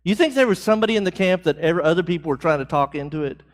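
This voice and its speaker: A man's voice: on the high side, expressive, rapid-fire. A man leading a church Bible class, talking conversationally, asking the class questions and building emphasis on key phrases. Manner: conversational, asks the class questions and answers back.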